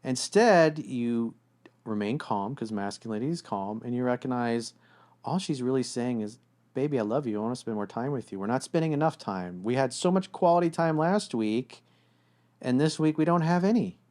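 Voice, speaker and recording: A man's voice: mid-range voice, normal speed. A man giving relationship advice in a blunt, casual way, often acting out what partners say to each other. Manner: blunt, animated, acts out quoted voices. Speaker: relationship coach.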